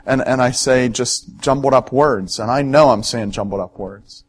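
A man's voice: mid-range voice, moderate pace, breathy edge. A middle-aged man, a pastor giving a sermon in a conversational, storytelling way and speaking directly to his listeners.

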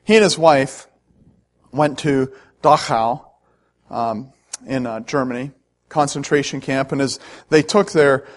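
A man's voice: mid-range voice, measured pace. A male pastor preaching a sermon in an earnest, emphatic way, with frequent "uh" fillers.

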